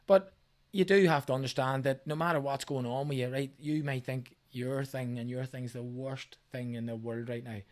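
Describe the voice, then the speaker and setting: Male guest, mid-pitched, motivational and sweary. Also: fairly even intonation, normal speed, hardly any pauses. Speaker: podcast guest, runner. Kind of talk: casual chat.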